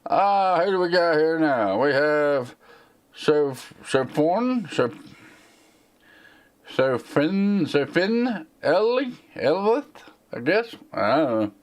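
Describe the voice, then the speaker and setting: A man's voice: on the high side, big pitch swings, slow pace. A man with a Southern American accent and a slight slur, rambling casually as he answers viewer questions on a live tech stream. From United States. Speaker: tech channel host.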